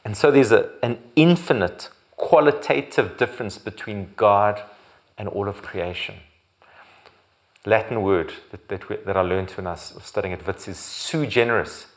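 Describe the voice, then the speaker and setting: A man preaching a sermon as pastor, building to loud, emphatic repeated phrases and sometimes correcting himself. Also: lowish voice, moderate pace. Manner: occasional restarts and self-corrections.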